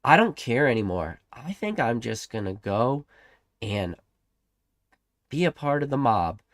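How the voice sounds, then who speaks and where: A man hosts a casual livestream from a close desk mic, rambling on with repeated rhetorical questions and an occasional swear word. His voice sits at an ordinary middle pitch, and the sound is dry with no room echo. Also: sing-song, unhurried. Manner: reads chat aloud and greets viewers. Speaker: livestream host.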